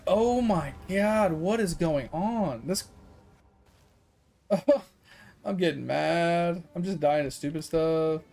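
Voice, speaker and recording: A man's voice: fairly high pitch, slow, creaky, pauses often, darkish tone, soft background music. A man streaming a game, ranting in casual, sarcastic talk, swearing and acting out the people he quotes. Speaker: gaming streamer. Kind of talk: casual rant while gaming.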